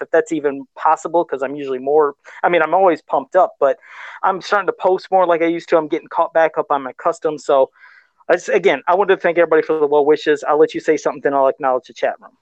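A man's voice: fairly high pitch, no room sound, highs cut off. A man co-hosting a casual live stream about toys, talking in a rambling, chatty way full of fillers. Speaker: co-host of a toy-collecting live show.

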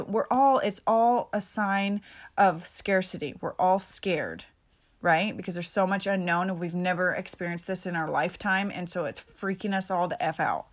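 A woman hosting a solo motivational podcast, talking in an emphatic, casual way with mild swearing. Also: mid-range voice. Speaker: podcast host.

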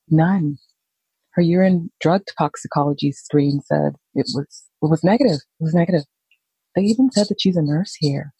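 A woman, a nurse, slowly telling her own story in a halting, reflective way. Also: deep voice, warm tone, husky, dry recording, rough recording. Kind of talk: personal storytelling.

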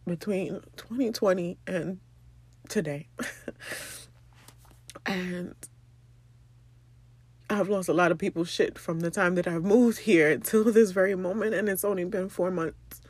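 A young woman talks through tears on her podcast, halting often and filling pauses with soft ums. Her voice is husky and sits low, and the recording is dry and close. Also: no echo. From the Bronx, New York. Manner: emotional, halting, many ums. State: tearful, crying. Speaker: podcast host. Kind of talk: personal podcast monologue.

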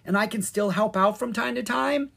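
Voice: medium pitch, normal speed, vocal fry, fairly bright tone, slightly rough, pitched above the performer's own voice. A storybook narrator voicing a young fairy boy who speaks earnestly and pleadingly to his mother.

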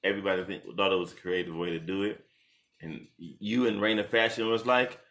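A young man casually retelling a story with his partner, animated and laughing, jumping into high voices when quoting people. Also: brisk, noisy background. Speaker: co-host telling the proposal story. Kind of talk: casual couple chat.

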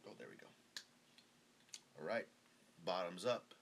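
Man, podcast host, low voice, swings up and down a lot, rambling, swears freely. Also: big pitch swings, a little slow, gravelly, a little hiss or hum. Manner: rambling, profane and joking. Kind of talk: casual solo chat.

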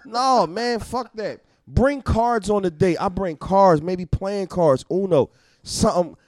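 A man talking as a podcast guest in casual chat, blunt, profane and animated as he tells stories. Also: high voice, slow pace, no room sound, studio quality.

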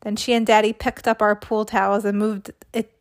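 A woman's voice: mid-range voice, level tone, moderate pace. A woman hosting a children's read-aloud, narrating a storybook. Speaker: host, reading to children.

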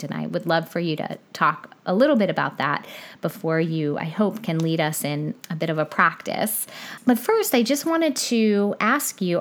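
A woman hosting an interview, asking conversational questions with many "you know"s. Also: lowish voice. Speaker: interviewer host.

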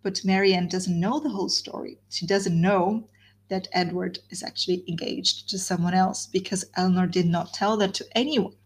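Breathy woman explaining a novel. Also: fairly low pitch, fairly even intonation, normal speed. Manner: explanatory, rephrasing the story in plain words. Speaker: host leading a reading group. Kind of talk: guided reading lesson, explaining a novel.

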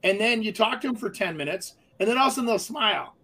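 A man's voice: high voice, lively intonation, quick pace, pushed and bright, husky, poor audio. A man co-hosting a casual real estate talk, chatty with many fillers and restarts. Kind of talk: casual chat.

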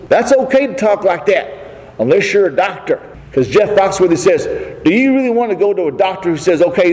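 A man's voice: on the high side, darkish tone. Folksy man preaching in a reverberant hall. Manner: folksy preaching with asides and humor. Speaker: pastor. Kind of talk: sermon.

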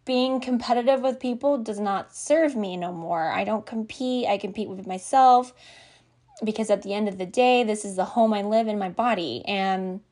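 A woman's voice: medium pitch, moderate pace, a little mellow. Chatty woman rambling with laughs. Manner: acts out her own reactions in quoted asides. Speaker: podcast host. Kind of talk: casual conversational monologue.

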